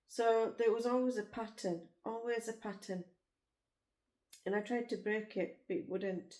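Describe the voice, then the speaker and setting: A woman from Liverpool, England, speaks with a Liverpool accent in a slightly high, a little mellow voice, keeping her intonation fairly even and her pace measured. She's a vlogger chatting casually, telling frank, rambling stories about her life. The recording has a roomy echo.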